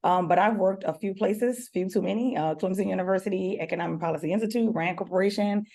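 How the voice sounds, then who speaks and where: Raspy woman with a New Orleans accent. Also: medium pitch, fast. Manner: playful, lively and joking. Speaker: panelist, economist. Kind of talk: webinar panel introduction. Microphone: video call.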